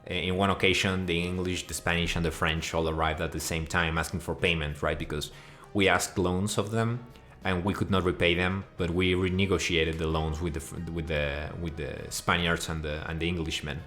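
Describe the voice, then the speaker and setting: A man's voice: low voice, steady tone, normal speed, hardly any pauses, fairly bright tone, soft background music. A man delivering a crude, swearing, mock-outraged rant that rambles from point to point. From Mexico. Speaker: video host. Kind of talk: profane comedic rant.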